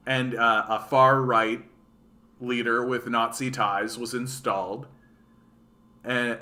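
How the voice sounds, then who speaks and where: Canadian guy ranting about the news, bright sharp voice, swears a lot, sarcastic. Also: mid-range voice. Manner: profane, sarcastic, reads news aloud and reacts. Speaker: political commentary streamer. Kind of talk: casual political rant.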